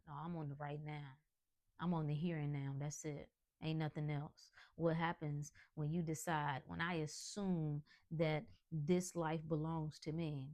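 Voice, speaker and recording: Emphatic preachy woman, low voice. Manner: emphatic, preachy, colloquial with laughs. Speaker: podcast host. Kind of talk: motivational monologue.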